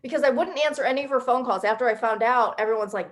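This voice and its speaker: A woman's voice: on the high side, fast talker. A woman in her thirties, a guest author in an interview, telling a personal story in a chatty, emotional way with many fillers.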